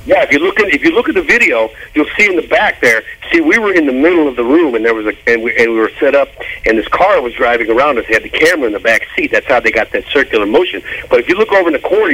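A man in his fifties tells backstage stories on a radio show. His voice is bright and lively, rising and falling a lot, loose and profane, with a trailing "man" on his sentences. Broadcast radio sound. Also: mid-range voice, husky, low-quality recording. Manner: animated storytelling, swearing, laughing, drawn-out "man". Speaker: guest musician. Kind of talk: casual interview on radio.

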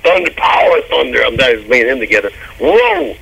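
A man in his fifties tells backstage stories on a radio show. His voice is bright and lively, rising and falling a lot, loose and profane, with a trailing "man" on his sentences. Broadcast radio sound. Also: medium pitch, gravelly, husky, highs cut off. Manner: animated storytelling, swearing, laughing, drawn-out "man". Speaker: guest musician. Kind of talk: casual interview on radio.

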